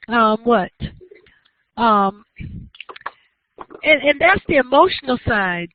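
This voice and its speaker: A woman's voice: on the high side, animated, slow pace, pauses often, dry recording. A woman giving a university lecture, explaining step by step and often checking that students follow. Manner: explanatory, checks understanding with frequent questions. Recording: dry, tinny lo-fi lecture recording.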